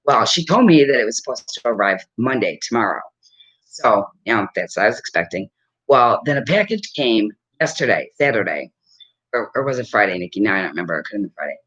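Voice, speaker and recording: A woman's voice: extremely low pitch, very animated, fairly quick, fairly bright tone, slightly rough. A woman in her fifties chatting casually to camera at home, rambling and laughing often as she talks. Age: 50s. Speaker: vlogger. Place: at home with a dog. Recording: dull lo-fi recording.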